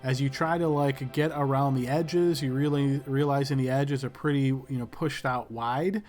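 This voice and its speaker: A man narrating a tabletop game as game master, descriptive and unhurried with many fillers. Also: medium pitch, fairly even intonation, darkish tone, soft background music.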